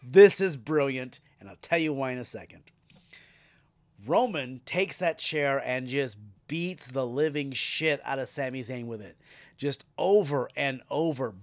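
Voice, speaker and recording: A man hosting a podcast, recapping a wrestling show in a casual, animated and profane way, laughing as he retells it. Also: medium pitch, a little slow. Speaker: podcast host.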